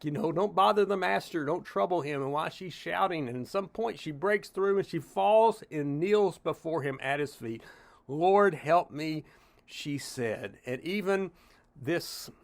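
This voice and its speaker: A man's voice: sits high, normal speed, creaky. A middle-aged man from Tennessee, teaching a Bible study as a pastor in a conversational way, with frequent "uh" and "you know" asides.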